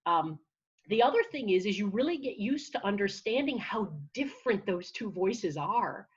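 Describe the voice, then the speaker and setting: Husky-voiced woman coaching with energy. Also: medium pitch, dull audio. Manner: energetic, encouraging, with frequent restarts. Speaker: confidence and public speaking coach. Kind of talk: conversational interview answer.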